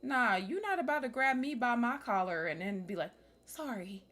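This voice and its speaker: A woman's voice: on the high side, expressive, brisk, fairly bright tone. A young woman streaming a story game, talking casually with brash, profane jokes and frequent laughter. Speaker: gaming streamer. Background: faint game music.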